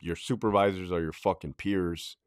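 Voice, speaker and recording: A man's voice: deep voice, fairly even intonation, normal speed, smooth. A middle-aged man, a former prison officer talking in a blunt, profane way on his podcast and acting out quotes. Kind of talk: casual podcast talk.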